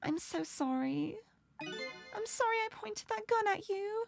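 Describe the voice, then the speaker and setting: A woman voicing a timid, apologetic little girl in a video game, speaking slowly and softly. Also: extremely high pitch, lively intonation, gravelly, faint music behind, pitched above the performer's own voice, full character voice.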